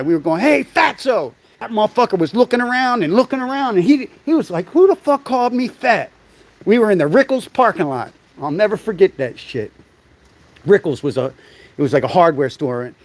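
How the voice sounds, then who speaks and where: A middle-aged man hosting a livestream, giving a blunt, profane opinion monologue and telling stories from his childhood. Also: sits high. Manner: blunt and profane, storytelling with acted quotes. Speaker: livestream host.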